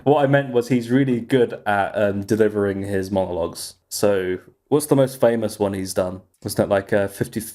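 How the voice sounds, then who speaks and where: A man's voice: fairly low pitch, normal speed, hardly any pauses, a little mellow. A man co-hosting a podcast in casual chat, chatty, laughing often and poking fun at himself. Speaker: podcast co-host.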